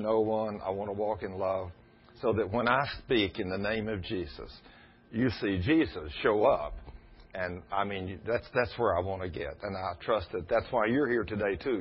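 A middle-aged man, preaching a storytelling sermon in a folksy, animated way. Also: lowish voice, slightly rough. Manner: folksy, animated, laughs at his own stories. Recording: dull lo-fi recording.

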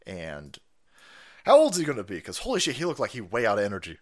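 A man's voice: fairly low pitch, huge pitch swings, quick pace. A man hosting a livestream, ranting through profane, mocking political commentary with laughing asides. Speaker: livestream host.

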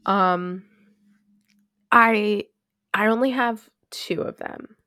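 A young woman hosts a podcast on her own, chatting casually and rambling, saying "like" constantly and laughing a lot. Her voice is mid-range, bright and pushed, with words drawn out. The studio-quality recording is clean, with no room sound.

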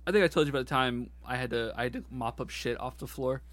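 A young man at an ordinary pitch, chatting casually as podcast co-host. He reacts with groans and laughs and calls his friend bro. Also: fast talker, fairly bright tone. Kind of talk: casual chat.

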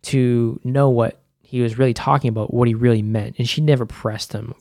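A man's voice: medium pitch, steady tone, moderate pace, darkish tone, no room sound, clean studio sound. A man hosting a podcast, talking loosely in casual commentary, full of "like," restarts and the odd swear word. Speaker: podcast host.

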